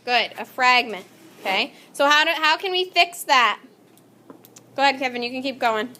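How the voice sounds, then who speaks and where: A woman teaching a class in a high, bright voice. She calls on students by name and encourages them as she works through the lesson in a classroom. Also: expressive, normal speed, slight background noise.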